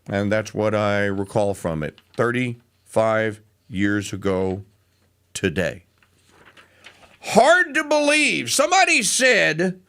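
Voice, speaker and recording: A man's voice: medium pitch, sharp tone. Middle-aged man, rambling radio host. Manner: rambling, with many fillers and restarts. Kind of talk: casual monologue, storytelling.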